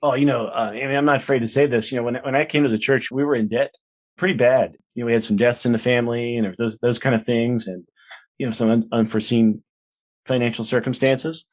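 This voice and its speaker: A man's voice: medium pitch, fairly even intonation, fast. A man in his forties, a minister and author, chatting as a guest in an interview and telling stories with lots of restarts. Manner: chatty storyteller, full of "you know" and restarts. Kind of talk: casual interview conversation.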